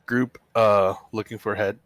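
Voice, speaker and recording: A man joking with deadpan one-liners while he chats during an online game. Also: fairly low pitch, measured pace, dry recording. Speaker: player in an online game group. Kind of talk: casual voice chat while gaming.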